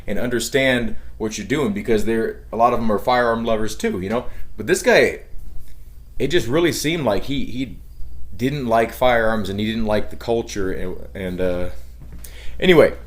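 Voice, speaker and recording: A man's voice: on the low side, moderate pace. Rambling, casually profane male vlogger. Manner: rambling, many "like" fillers, profane. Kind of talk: casual vlog storytelling. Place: outdoors at a shooting area.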